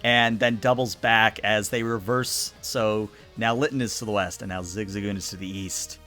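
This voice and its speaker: A man narrating a tabletop game as game master in a relaxed, rambling way with many fillers. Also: lowish voice, normal speed, faint music behind.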